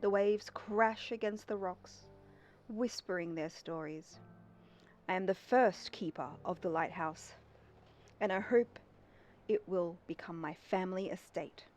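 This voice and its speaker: A woman's voice: lowish voice, a little mellow, faint music behind, close to an everyday voice. Woman reading as an old sea captain keeping a diary. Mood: wistful. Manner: slow read-aloud diary narration. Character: old male sea captain, lighthouse keeper writing diary.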